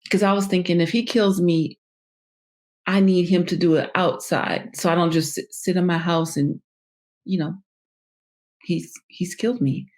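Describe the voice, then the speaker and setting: A woman as a podcast guest, telling a personal story in a halting way, full of fillers and restarts. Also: lowish voice, steady tone, darkish tone.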